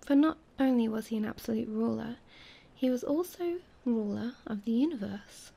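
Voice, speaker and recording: Soft-spoken woman storyteller, high and mellow, whispered role-play. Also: normal speed, vocal fry, slightly rough.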